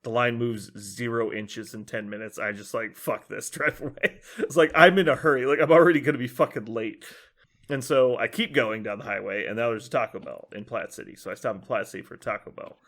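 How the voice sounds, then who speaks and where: A man's voice: medium pitch, brisk, fairly bright tone. Young man telling a casual story. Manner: profane, laughs while telling stories. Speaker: podcast host.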